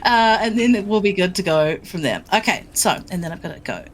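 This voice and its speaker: A woman's voice: medium pitch, animated, brisk. Chatty female DM, casual, lots of ums, faint noise in the background. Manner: chatty, filler-heavy, breaks into silly voices. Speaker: dungeon master. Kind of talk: narrating a tabletop game.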